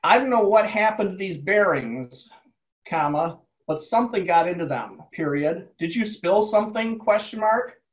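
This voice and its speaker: A man's voice: sits high, lively intonation, moderate pace, distant mic, poor audio. Guy doing older lady station tech, blunt, kinda alarmed, calls out her own punctuation. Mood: puzzled. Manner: dictates quotes with spoken punctuation.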